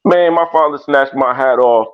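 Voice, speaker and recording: A man calling in to a live show, telling a story in casual, profane, animated chat. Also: medium pitch, moderate pace. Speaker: caller. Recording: dull lo-fi call audio.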